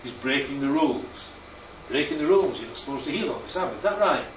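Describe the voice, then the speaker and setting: Guy preaching, lively, keeps asking yeah? right?, echoey hall mic far off, faint room hum. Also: on the high side, fast talker. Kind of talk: sermon. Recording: echoey, distant, dull sound with faint ambience.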